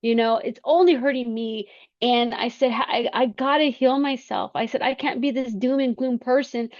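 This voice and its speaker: A woman telling her personal story as a podcast guest, halting, with many fillers and restarts. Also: fairly high pitch, steady tone, lo-fi sound.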